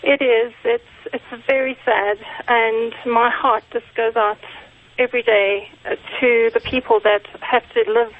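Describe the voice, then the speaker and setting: A woman's voice: fairly high pitch, steady tone, measured pace. A middle-aged woman with a South African accent calling in to a radio show, polite and appreciative. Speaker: caller. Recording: tinny phone line.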